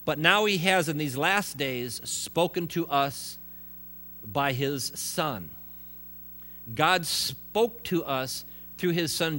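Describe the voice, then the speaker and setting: A man delivers a sermon in a relaxed, talky way, stumbling over words and restarting now and then. His voice sits a little high for a man and sounds bright and forceful. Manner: conversational preaching with asides and restarts. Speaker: pastor.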